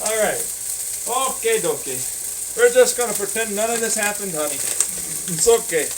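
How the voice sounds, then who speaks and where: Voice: mid-range voice, animated, normal speed, background noise. An audio blogger rambling profanely in a casual monologue, slipping in and out of put-on voices.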